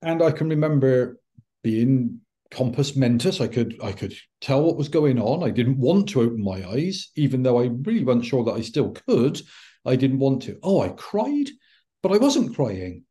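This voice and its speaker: Man, middle-aged, podcast guest, animated storyteller, warm low-key timbre. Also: normal speed. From United Kingdom. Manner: animated, acts out quoted dialogue. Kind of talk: anecdotal storytelling.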